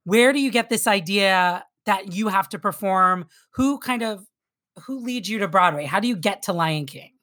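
A woman's voice: mid-range voice, normal speed, fairly bright tone. Chatty woman interviewer. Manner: enthusiastic, chatty asides. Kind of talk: casual interview.

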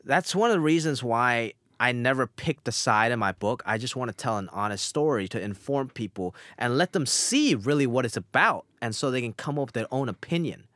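A man's voice: mid-range voice, lively intonation, a little fast, hardly any pauses, a bit bright, dry recording. A young man, an immigrant actor and author, answering interview questions earnestly with frequent fillers. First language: immigrant, grew up outside America.

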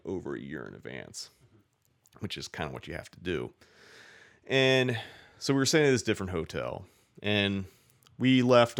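A man with a deep, gravelly voice spins a long casual story. His talk rambles and is full of "like" and swearing, easygoing and unscripted. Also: fairly bright tone. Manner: rambling, profane, many "like" fillers.

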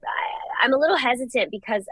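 A young woman co-hosting a casual podcast chat, gushing and animated as she gives her opinions. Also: sits high, brisk, breathy edge, dry recording, poor audio. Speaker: podcast co-host.

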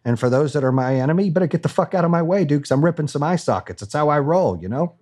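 A man's voice: fairly high pitch, expressive, racing, darkish tone. Fired-up guy, blunt and cussing, talks like he's got nothing to hide. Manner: blunt, profane, fired-up and self-assured. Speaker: business owner, guest. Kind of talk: candid interview talk.

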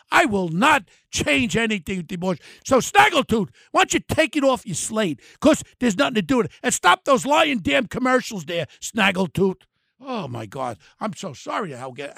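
An older man, ranting angrily and mockingly about politics on his podcast, shouting in bursts. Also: high voice, creaky, no echo, clean studio sound. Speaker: podcast host. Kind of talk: angry political rant.

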